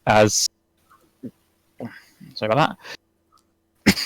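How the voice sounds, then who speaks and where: A man narrating a tabletop game as game master, in a measured, formal way. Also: medium pitch, lively intonation, no room sound, low-quality recording.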